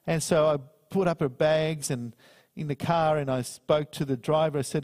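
A man's voice: fairly high pitch, fairly even intonation, a little mellow, in a large hall. A middle-aged man preaching a sermon, earnestly reading scripture and telling a personal story. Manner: earnest, slows down to read scripture. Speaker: minister.

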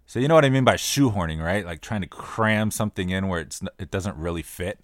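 Low-voiced man, relaxed explainer. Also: a little fast, dry recording, studio quality. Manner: relaxed, repeats phrases while explaining. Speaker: podcast co-host. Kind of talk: casual explanatory chat.

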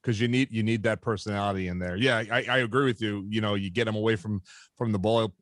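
A man's voice: fairly low pitch, fairly even intonation, quick pace, a bit bright, dry recording. Man in his fifties, dry close sound. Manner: laughs often, backchannels. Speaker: podcast host. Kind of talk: casual interview chat.

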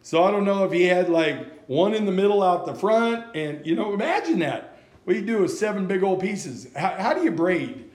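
Folksy preacher in an echoey room. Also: male voice, high-pitched, animated, normal speed, darkish tone. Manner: folksy, conversational storytelling. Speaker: pastor. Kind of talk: sermon.

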